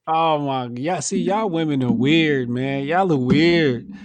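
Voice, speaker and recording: A man's voice: on the high side, takes it slowly, no echo. Blunt, slangy man with a dry close sound. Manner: blunt, slangy, animated banter, laughs often. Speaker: podcast host. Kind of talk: casual podcast chat.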